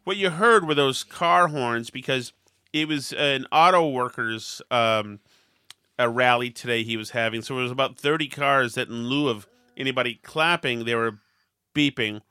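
A man's voice: mid-range voice, moderate pace, pushed and bright, smooth, no echo, studio quality. A man hosting a podcast, telling a self-deprecating story in casual chat and acting out the quotes with lots of animation. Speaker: podcast host.

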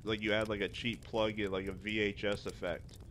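A man's voice: lowish voice, little pitch movement, fairly quick, a bit bright, a little hiss or hum. A man co-hosting a podcast, rambling with restarts and crude jokes in casual chat. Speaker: podcast co-host.

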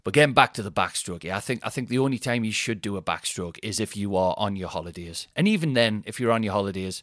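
With a fairly low yet slightly bright voice, this thirty-something Newcastle comedian and podcast host talks fast and expressively in his Geordie accent. His casual comedic monologue is full of rambling, self-deprecating stories, recorded at studio quality with no room sound.

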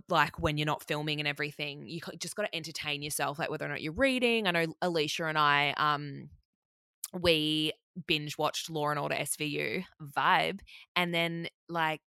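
A woman's voice: low voice, pushed and bright, no echo, studio quality. A young woman telling stories casually, chatty and full of fillers and swearing. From Australia. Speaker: former reality show contestant. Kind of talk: casual storytelling.

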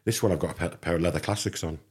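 A man's voice: low voice, very fast, husky. A middle-aged man from England, a podcast guest, telling a casual anecdote and acting out the dialogue. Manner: animated anecdote teller, acts out dialogue. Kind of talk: casual storytelling.

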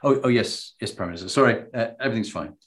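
A man putting on a squeaky panicked minister. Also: fast talker, natural voice. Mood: sheepish. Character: panicked male minister, flustered and apologetic.

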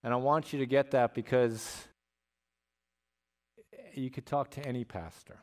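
A man preaching a sermon as a pastor, conversational and animated, often checking in with "right?" and dropping humorous asides. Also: mid-range voice, unhurried. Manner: animated emphasis with asides and jokes.

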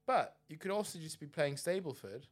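A man's voice: a little high, animated, brisk. A man co-hosting a podcast, chatting casually and cutting in with dry jokes. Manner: dry, joking interjections. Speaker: podcast co-host. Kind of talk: casual chat.

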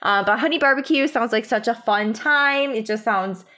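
A woman's voice: a little high, moderate pace, pushed and bright. A woman co-hosting a podcast in casual chat, gushing and enthusiastic, rambling with fillers. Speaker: podcast co-host.

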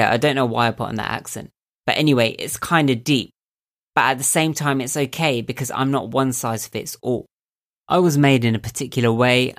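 A young man with a voice he calls squeaky and nasal, giving calm, earnest motivational advice to camera as a self-help video host. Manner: calm, earnest, coaching tone with rhetorical questions. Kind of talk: reflective motivational talk to camera.

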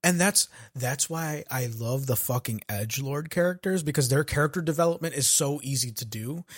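A man's voice: mid-range voice, breathy edge, no echo, clean studio sound. A man on a podcast casually recapping an anime, joking, swearing and acting out quotes. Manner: profane, jokey retelling with quick acted quotes. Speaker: podcast co-host.

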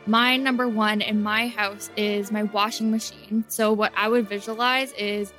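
A woman's voice: mid-range voice, flat delivery, measured pace, pushed and bright, faint music behind. A woman co-hosting a podcast who explains things at length in a loose, chatty way. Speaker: co-host. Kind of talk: casual podcast chat.

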